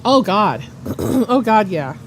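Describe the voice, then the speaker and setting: A woman's voice: medium pitch, sing-song, slow, a little hiss or hum. A woman casually chatting on her art livestream, rambling with lots of fillers, swearing and laughing. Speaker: art streamer.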